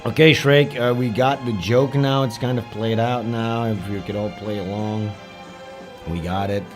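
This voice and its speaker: A man's voice: fairly low pitch, fairly even intonation, a little slow. A man hosting a livestream, chatting casually and joking as he watches a film, with music playing behind him. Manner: joking, irreverent, swears freely, laughs at what he watches. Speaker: livestream host.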